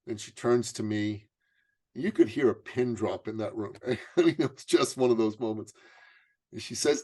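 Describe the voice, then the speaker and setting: A middle-aged man, a business coach interviewed as a guest, telling a story with animated, dramatic emphasis. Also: on the low side, moderate pace, breathy edge, no room sound.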